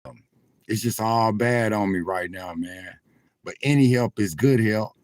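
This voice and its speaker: With no room sound around him, a man speaks a little slowly in a lowish voice. He's livestreaming from his phone in a car parked at a truck stop, chatting casually with viewers and swelling like a preacher.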